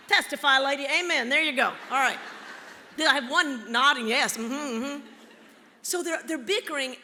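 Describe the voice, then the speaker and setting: A woman's voice: sits high, bright, forceful tone, a little hiss or hum. A woman giving a keynote as a live storyteller, theatrical and playful, teasing her audience. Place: large auditorium. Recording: long auditorium reverb.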